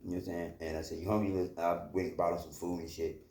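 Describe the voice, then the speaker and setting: A man's voice: low voice, flat delivery, fast talker, a little mellow. A man casually telling a personal story from his own life, rambling, with lots of fillers and swearing. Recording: roomy echo.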